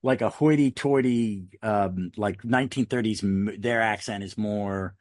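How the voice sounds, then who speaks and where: A man's voice: fairly low pitch, unhurried, darkish tone, no echo, clean studio sound. An American man chatting casually on a podcast, rambling through anecdotes and tangents. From United States. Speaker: podcast co-host.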